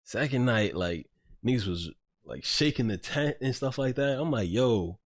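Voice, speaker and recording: In expressive, medium-pitched speech at a normal speed, a man hosting a podcast tells a story casually and rambles, peppering it with filler words and profanity. The audio is dry and studio quality.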